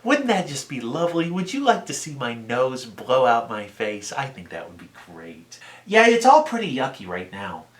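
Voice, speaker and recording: A man voicing a polite eight-year-old girl in an airy, breathy voice. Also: mid-range voice, wildly swooping pitch, moderate pace. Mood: sweet. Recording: roomy echo.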